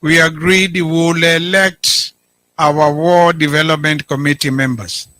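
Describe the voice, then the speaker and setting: Kenyan man, middle-aged, slow deliberate speechmaker, bright voice, dry close sound. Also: on the high side, steady tone, no echo. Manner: deliberate orator, stresses key words. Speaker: county governor. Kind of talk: public speech, code-switching.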